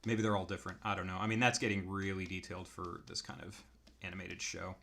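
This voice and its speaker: A man narrating casually as he draws, an artist demonstrating character design and thinking aloud in an unhurried, musing way. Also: low-pitched, level tone, creaky, pushed and bright.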